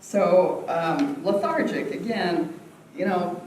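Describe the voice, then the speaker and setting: A woman's voice: lowish voice, takes it slowly, darkish tone, slight background noise. A woman leading an acting workshop, teaching voice exercises, laughing often and acting out sounds. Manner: demonstrative, laughs often, acts out vocal exercises. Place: large echoey theatre room. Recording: echoey room from far off.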